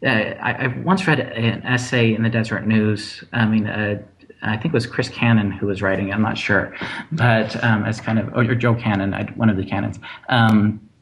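A man's voice: fairly low pitch, fairly even intonation, moderate pace, poor audio. Hesitant man musing on stories. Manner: hesitant, repeats words and restarts often. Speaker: playwright guest. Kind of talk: casual conversation.

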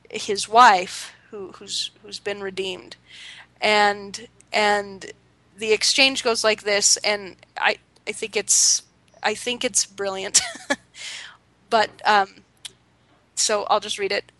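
Bright, halting woman co-host, dry sound. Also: mid-range voice, no echo, rough recording. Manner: halting, with many fillers. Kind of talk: casual conversation.

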